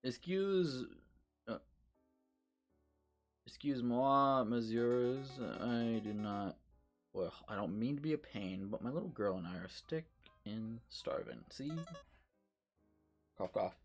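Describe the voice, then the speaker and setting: A man's voice: fairly low pitch, animated, unhurried, long pauses, a little mellow, faint music behind. A man voicing a poor, starving beggar woman who pleads politely with French words mixed in. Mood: pleading. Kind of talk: reading game dialogue aloud on stream.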